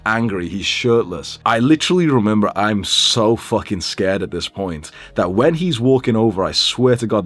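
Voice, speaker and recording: A young man in his twenties, telling a personal story in a casual, swearing, animated way. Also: lowish voice. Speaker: vlogger.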